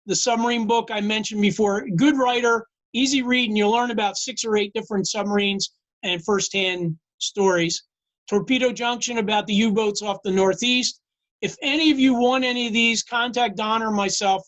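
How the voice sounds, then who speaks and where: An older man with a scratchy voice giving a classroom lecture and answering questions, halting with many fillers. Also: high-pitched, highs cut off. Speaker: guest lecturer.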